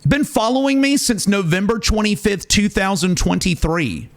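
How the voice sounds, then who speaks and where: A man's voice: sits high, moderate pace. A male streamer chatting live, ranting emphatically and repeating words for effect. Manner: animated, ranting, emphatic repetition.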